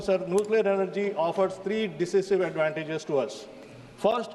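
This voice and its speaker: A man's voice: sits high, darkish tone, long reverb tail, a little hiss or hum. A man with an Indian English accent giving a formal, emphatic speech in a parliamentary debate, addressing the chair. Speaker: member of parliament. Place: parliament chamber.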